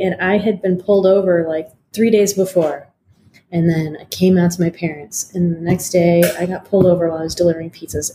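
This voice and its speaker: A woman in her forties, from Detroit, tells her story as an interview guest in a frank, profane way, with many fillers. Her voice sits a bit low and sounds mellow and dark. A faint hiss runs under the recording.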